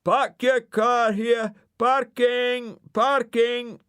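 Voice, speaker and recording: A man voicing a grumpy, bossy male dog acting as a parking warden, high and indignant. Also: big pitch swings, slow, no room sound, studio quality, exaggerated voice. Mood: bellowing. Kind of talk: audiobook character voice.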